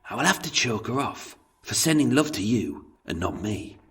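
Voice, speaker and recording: A man voicing a sinister middle-aged killer making a dark, quietly menacing jibe in a hushed voice. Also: lowish voice, sing-song, moderate pace, background noise.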